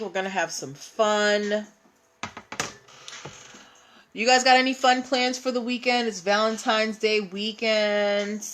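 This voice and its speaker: A woman hosts a casual live stream. She takes her time, speaking at an unhurried pace. She chats freely and greets each viewer by name. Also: mid-range voice, fairly bright tone, slight background noise. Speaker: livestream host.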